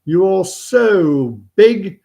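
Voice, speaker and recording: A man voicing a pompous school chaplain leading a prayer, booming and drawn out. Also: lively intonation, very slow, creaky, dark tone, exaggerated voice.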